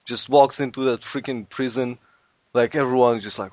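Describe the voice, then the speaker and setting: A man's voice: mid-range voice, fairly even intonation, moderate pace, darkish tone, no echo. A man chatting casually, rambling through a comic story and laughing often. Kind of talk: casual comedic chat.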